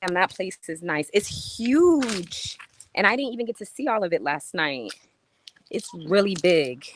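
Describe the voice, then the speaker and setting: Slow-talking woman vlogging on her phone. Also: medium pitch, animated. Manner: chatty, addresses viewers, drops into slangy speech. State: out of breath from climbing stairs. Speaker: vlogger touring a rental villa. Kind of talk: casual live-stream chat.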